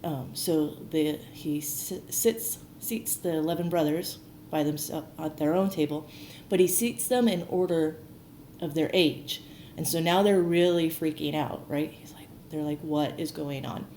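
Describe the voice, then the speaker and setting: A woman's voice: deep voice, unhurried, a little mellow. A woman educator casually retelling a Bible story, chatty and full of "like", acting out the quotes. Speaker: archaeology educator. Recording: roomy echo, faint noise.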